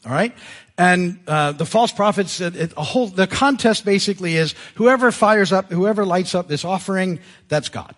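A male pastor preaching a sermon in a conversational, animated way, laughing at himself as he goes. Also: high voice, normal speed. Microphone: live sermon mic. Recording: church service audio.

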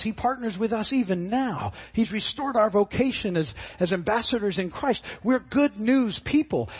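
A middle-aged male pastor preaches in an earnest, halting way, his high voice husky and slightly rough. He stumbles and repeats words as he builds his point. The audio is muffled and lo-fi. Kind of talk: sermon.

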